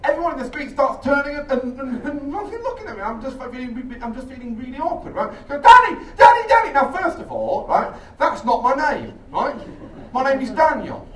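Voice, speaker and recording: A man doing a rambling, sweary, self-mocking stand-up set on a theatre stage, with bursts of shrill shouted impressions. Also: lively intonation, fairly quick. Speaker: stand-up comedian. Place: theatre stage with a laughing audience. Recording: echoey live room, distant, audience noise.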